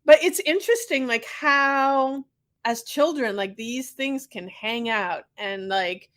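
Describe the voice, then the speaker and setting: A woman host talks in easy, chatty conversation, quick and earnest as she shares her own experiences. Her voice sits a little high for a woman. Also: a bit bright. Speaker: podcast host, physical therapist. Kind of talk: casual conversation.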